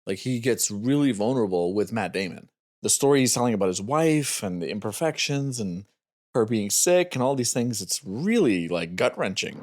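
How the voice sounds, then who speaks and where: A man's voice: fairly low pitch, lively intonation, normal speed, a little mellow, no room sound. A man co-hosting a movie review podcast as a dad, rambling, restarting his sentences and swearing casually.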